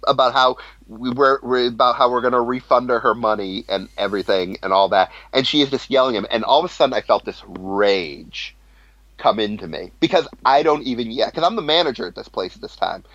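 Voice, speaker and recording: A man's voice: mid-range voice, a little fast, no echo. Casual male storyteller, swears a lot, laughs at himself, dry muffled recording. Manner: animated, profane, laughing at his own story. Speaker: storyteller, former cinema manager. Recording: dull lo-fi sound.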